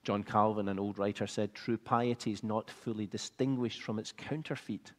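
A man preaching a sermon, measured and earnest, building to fervent emphasis. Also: fairly low pitch, fairly even intonation, big-room sound.

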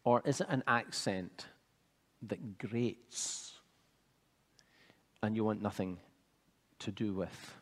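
A man preaching a sermon, measured and earnest, building to fervent emphasis. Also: lowish voice, big-room sound.

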